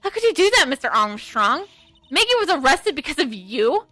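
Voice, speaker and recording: A woman streamer reading a game aloud in an earnest, quick way with frequent self-corrections. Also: high voice, very animated, bright, forceful tone, dry recording, faint music behind.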